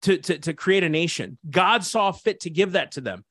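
Assistant pastor guest, fervent and preachy, light higher voice, dry close sound. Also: male voice, expressive, moderate pace, a bit bright, no echo. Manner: fervent, preachy, frequent restarts and "dude". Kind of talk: impassioned interview talk.

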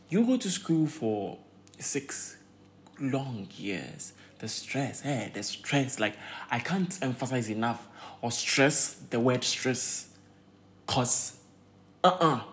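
Exasperated young Ghanaian man venting. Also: medium pitch. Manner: exasperated, repeats himself, many fillers. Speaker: pharmacy graduate vlogger. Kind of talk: casual vlog rant.

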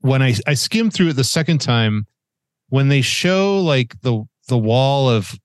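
A man's voice: mid-range voice, animated, measured pace, no room sound, studio quality. Casual man sharing film theories. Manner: conversational, offers theories with hedging fillers. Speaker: podcast co-host.

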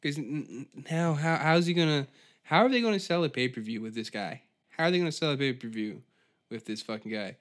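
A man's voice: medium pitch, lively intonation, a little fast. A man hosting a podcast, ranting on his own in a profane, rambling, exasperated way. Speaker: podcast host. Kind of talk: solo comedic rant.

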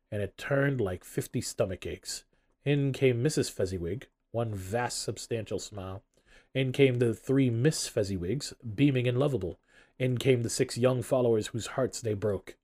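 A man narrating a classic novel aloud in an expressive, storytelling manner. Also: medium pitch. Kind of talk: audiobook narration.

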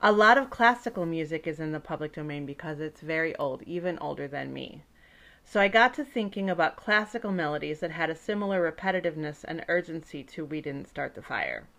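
A woman entertainer speaking gently and warmly to children, telling a friendly story and explaining words simply. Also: low-pitched, animated, brisk, vocal fry.

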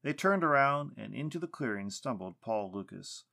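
A male storyteller reading narration with an expressive, animated delivery. His pitch sits in the middle but swings widely through each sentence. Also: normal speed, gravelly.

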